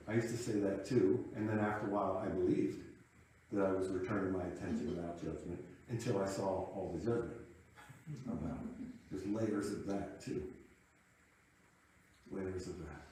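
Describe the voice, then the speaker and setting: A fairly low, dark voice carries through an echoey church sanctuary as a minister in his late fifties preaches from a distance. His sermon is reflective and conversational, centered on a personal story.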